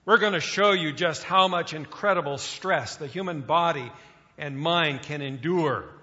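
A man putting on a gruff, raspy army drill sergeant who barks orders loudly, with echo on a dull recording. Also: on the high side, measured pace. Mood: commanding. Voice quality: raspy, growling. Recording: echoey hall, dull lo-fi sound.

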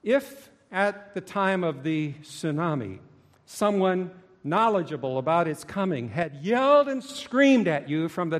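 A man preaching a sermon, swinging dramatically between hushed low tones and loud shouting. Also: lively intonation, measured pace. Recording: long hall reverb.

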